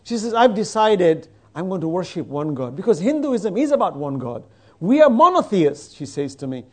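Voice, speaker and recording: Guy preaching a religious talk, high animated voice, acts out conversations, chants verses fast. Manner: animated storytelling, quoting dialogue; chants Arabic verses quickly. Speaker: Islamic preacher. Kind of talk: religious lecture with recited verses.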